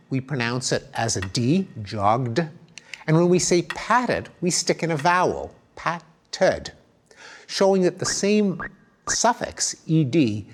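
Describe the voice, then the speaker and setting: A middle-aged man giving a recorded academic lecture, explaining ideas and demonstrating sounds aloud with emphatic intonation. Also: medium pitch.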